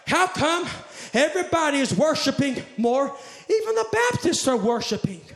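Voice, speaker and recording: A man preaching a fervent, shouted sermon to a congregation, repeating phrases in rhythmic refrains. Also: very high voice, very animated, normal speed, vocal fry. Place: church sanctuary with congregation. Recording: echoey church hall with crowd.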